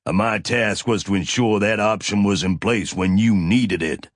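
A man reading an audiobook, voicing a smug, smooth male officer who speaks in a measured, dismissive way. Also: fairly low pitch, no echo, studio quality, lightly acted. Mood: insistent.

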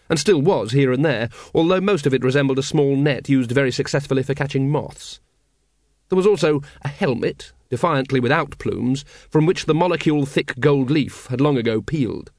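A man narrating an audiobook in a measured, wry storytelling manner. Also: medium pitch, no room sound, studio quality. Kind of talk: scripted narration.

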